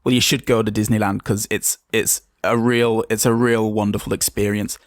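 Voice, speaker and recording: A man's voice: on the low side, level tone, moderate pace, no room sound, clean studio sound, natural voice. Man playing a pompous businessman. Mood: condescending. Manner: haughty, condescending. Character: pompous entitled businessman in a suit.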